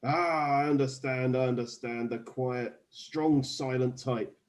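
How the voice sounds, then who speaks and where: A man's voice: medium pitch, steady tone, a little slow. A man playing a tabletop game, speaking as his character with jovial, theatrical banter. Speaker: player.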